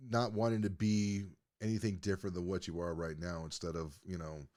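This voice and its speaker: A man's voice: low voice, flat delivery, a little fast, warm tone. A man co-hosting a podcast in casual chat, laid-back with sarcastic, profane asides. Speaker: podcast co-host.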